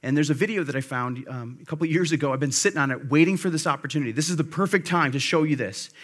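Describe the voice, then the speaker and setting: A pastor preaching a sermon in a conversational way, with fillers and restarts, slowing and dropping quiet to stress key phrases. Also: male voice, a little high. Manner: drops to a slow, quiet emphasis on key phrases.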